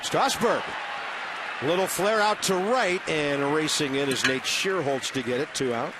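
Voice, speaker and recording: A man calling baseball play-by-play from a ballpark booth, brisk and conversational with wry asides. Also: on the high side, a crowd in the background. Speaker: play-by-play announcer. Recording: noisy broadcast audio.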